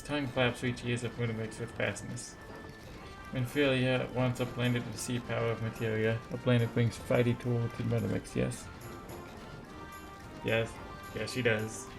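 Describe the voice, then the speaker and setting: A man voicing a goblin craftsman who talks in halting, broken phrases. The voice is gravelly and sits mid-pitch. Game music plays clearly behind it. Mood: earnest. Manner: halting pidgin phrasing, read flatly.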